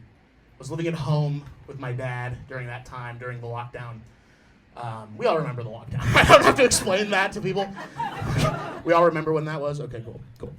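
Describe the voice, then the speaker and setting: A young man in his twenties on a comedy club stage, delivering a stand-up set into a handheld mic. His voice sits a touch high, and he talks in an easy, conversational way. He slips between dry, deadpan asides and loud bursts where he laughs through his own lines. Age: 20s. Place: comedy club stage before a live audience.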